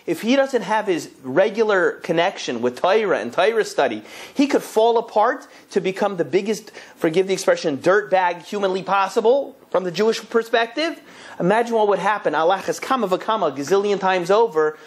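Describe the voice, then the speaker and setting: A young rabbi teaches a Torah lesson, telling it like a story. His delivery is emphatic and lively, with his voice jumping sharply up for stress and dropping again. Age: young adult. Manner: lively, emphatic storyteller with big pitch swings.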